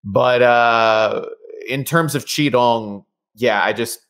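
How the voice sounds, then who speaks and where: Relaxed man chatting in an interview. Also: medium pitch, takes it slowly, clear, resonant tone. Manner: relaxed, rambling, many fillers and restarts. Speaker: voice actor guest. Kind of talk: casual interview chat.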